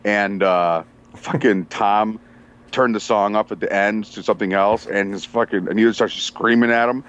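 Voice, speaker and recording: A man's voice: fairly low pitch, normal speed, muffled recording. A man chatting casually and telling stories, cursing constantly and acting out what people said. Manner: profane, animated storyteller doing quoted voices. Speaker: truck driver. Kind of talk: casual chat.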